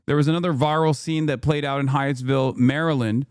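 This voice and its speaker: A man's voice: medium pitch, fairly even intonation, a little fast, clean tone, no room sound, clean studio sound. A man, giving heated, profane live reaction commentary from a streaming setup. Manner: heated, profane, indignant ranting. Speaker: livestream commentator.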